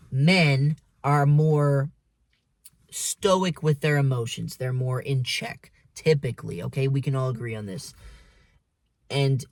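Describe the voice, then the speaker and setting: A man's voice: medium pitch, a little mellow, dry recording, clean studio sound. A man talking in a casual, blunt monologue, swearing freely and preaching to the listener as "man" and "dude". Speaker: vlogger.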